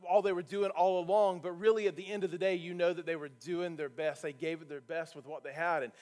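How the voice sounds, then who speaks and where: A man's voice: a little high, fairly even intonation, fairly quick, darkish tone. A male pastor preaching a sermon from a church stage, earnest and building to emphatic points.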